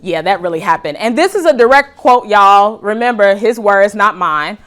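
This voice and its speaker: A woman's voice: medium pitch, animated, moderate pace, fairly bright tone. Woman, talk show host, comedic monologue, joking, calls crowd y'all, live studio audience.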